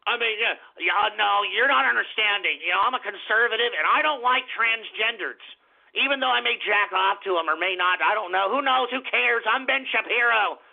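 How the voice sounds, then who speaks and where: A smug, pompous young male pundit lectures at a rapid clip, as a man mocks him. The voice sits high with a gravelly edge. It all comes through a thin, phone-like radio line.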